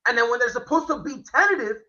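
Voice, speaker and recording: A man hosting a casual football chat, animated and slangy, cursing freely. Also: very high voice, highs cut off. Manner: animated, slangy, swearing, quick impressions. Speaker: host. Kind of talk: casual sports analysis chat.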